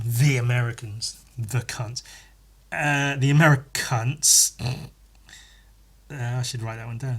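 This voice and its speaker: A man's voice: medium pitch, fairly bright tone. An English man hosting a solo podcast, rambling in a sweary, sarcastic way with lots of asides. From England. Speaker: podcast host.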